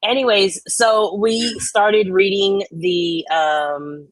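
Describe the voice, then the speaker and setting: Brief: laid-back woman host, mid-pitched voice, dry close mic, reading comments. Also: steady tone, drawn-out words, dry recording, poor audio. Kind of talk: casual livestream chat.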